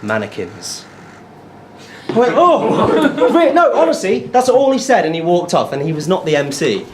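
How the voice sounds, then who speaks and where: A man's voice: sits high, quick pace. A British man performing a stand-up comedy set, telling stories and chatting with the crowd. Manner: animated, excitable storytelling. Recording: live set with clear background noise.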